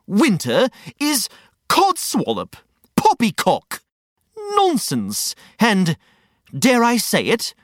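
A pompous, grumpy old know-it-all huffs his words out slowly, as a woman puts him on. His pitch leaps and falls widely in this children's audio story. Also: huge pitch swings, no echo, studio quality, exaggerated voice. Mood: indignant. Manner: pompous, huffy.

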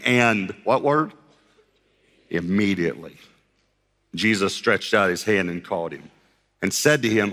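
A male pastor preaches with a bright, forceful, fairly low voice at normal speed, telling a story animatedly, acting out voices and laughing along. A long hall reverb trails his words.

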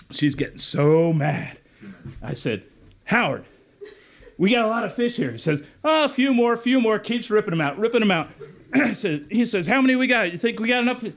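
A man telling a funny fishing story live on stage, animated and punchy, acting out the people in it. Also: high-pitched. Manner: animated, punchy, acts out voices. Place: festival stage before an audience.

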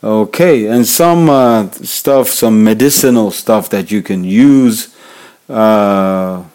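A Nigerian worship leader hosting a podcast gives a casual instructional talk in a mellow, low voice at a slow pace. He repeats himself, restating key points, and uses frequent fillers.

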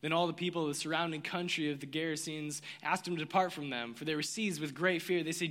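A man preaching a sermon, telling the story with lively energy and acting out the voices of its characters. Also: fairly high pitch, fast talker, in a large hall. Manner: animated storytelling, acts out voices. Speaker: pastor.

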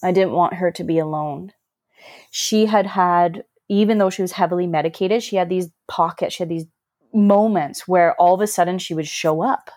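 A woman's voice: fairly low pitch, moderate pace, darkish tone, dry recording, clean studio sound. Earnest woman telling a personal story. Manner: earnest, reflective, emotional storytelling. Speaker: podcast guest.

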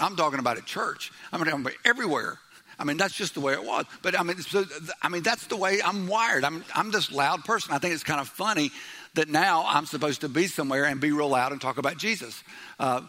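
A middle-aged man preaching a sermon in church, loud, animated and joking. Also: a little high. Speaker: pastor.

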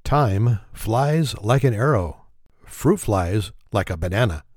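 A man's voice: fairly low pitch, lively intonation, takes it slowly, a little mellow, dry recording, studio quality. A man telling a string of dad jokes, self-mocking and chuckling at his own punchlines. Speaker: joke teller.

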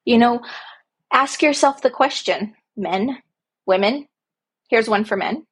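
A woman talks slowly in a personal, reflective monologue, her voice a little husky. She speaks earnestly from the heart and leans on repeated phrases for emphasis. She sounds like a parent speaking about her own life. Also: on the high side. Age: young adult to middle-aged, a parent. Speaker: podcast host.

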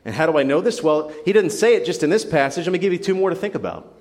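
A man's voice: a little high, sing-song, quick pace, darkish tone, big-room sound. A young adult man preaching a sermon in a church, earnest and building to emphatic passion. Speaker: pastor. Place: church sanctuary.

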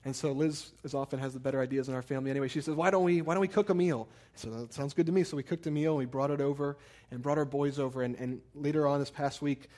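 A pastor in his thirties preaches a sermon, talking fast in a warm, mid-range voice with little pitch movement. He's earnest, repeating words for emphasis as he builds a point and adding storytelling asides.

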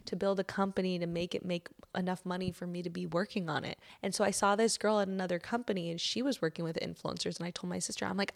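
A young woman giving a casual motivational talk, full of "like," that turns into a gentle guided breathing exercise. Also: medium pitch, gravelly. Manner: chatty, says "like" often, drops to soft near-whisper in guided parts. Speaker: host.

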